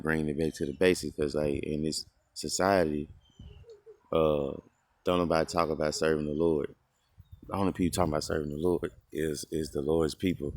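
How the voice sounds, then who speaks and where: A man giving an informal scripture lesson in a loose, conversational way, full of fillers and slowing down to read verses aloud. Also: a bass voice, darkish tone, no echo. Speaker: religious teacher.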